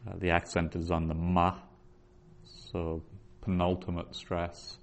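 Slow, deep-voiced man teaching Hebrew. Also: monotone. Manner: patient, reads Hebrew aloud slowly, then explains grammar. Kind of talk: slow explanatory lesson.

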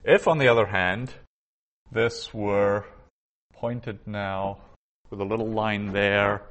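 A man's voice: fairly low pitch, steady tone, slow pace, a bit bright. A man teaching a Hebrew grammar lesson, explaining patiently and methodically, often restarting his sentences.

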